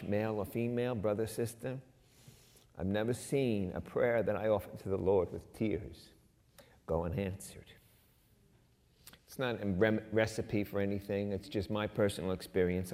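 A middle-aged man preaching a sermon as pastor, conversational, rising loud for emphasis and dropping quiet for personal asides. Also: on the low side. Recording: long hall reverb.

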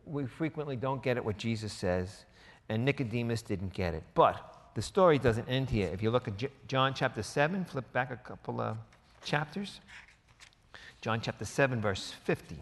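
A man preaching a sermon in a relaxed, conversational way, acting out quoted lines with sarcastic voices. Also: mid-range voice, moderate pace, in a large hall. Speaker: pastor.

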